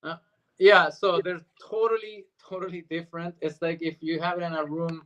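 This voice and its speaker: Middle-aged Argentine man with a Spanish-speaking accent; animated interview guest, slightly raised pitch. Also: moderate pace, muffled recording. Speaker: voice actor guest. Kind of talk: casual interview chat.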